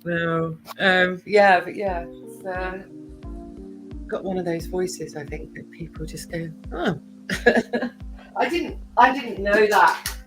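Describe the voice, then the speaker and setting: A woman with a posh English accent talks in a low, unhurried voice, chatty and quick to laugh, with plenty of little fillers. Faint music plays behind her. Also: rough recording. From United Kingdom. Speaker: guest on a livestream chat. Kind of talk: casual chat.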